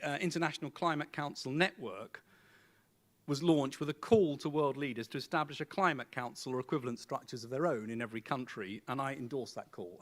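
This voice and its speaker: Man giving a measured formal speech. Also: mid-range voice. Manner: measured, deliberate, enumerating points.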